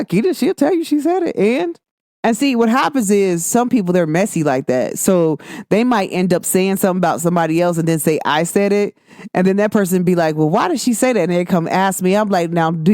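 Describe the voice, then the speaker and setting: A woman hosts a casual talk show and talks in a lively, emphatic way. She slips into a higher voice when she acts out what people said to her. The sound is dry and close, with no room echo. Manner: animated, emphatic, acts out quoted exchanges in a higher voice. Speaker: podcast host. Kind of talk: casual monologue.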